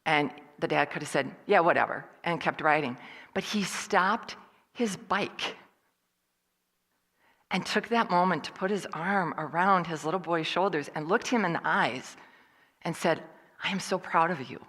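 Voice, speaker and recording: Older woman, motivational storyteller, slightly low voice, acts out quotes, long hall reverb. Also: a little slow, fairly bright tone. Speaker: motivational speaker. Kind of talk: storytelling talk.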